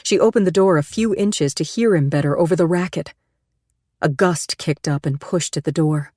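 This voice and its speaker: A woman reading an audiobook thriller in steady, measured scripted narration. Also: deep voice, no echo, studio quality.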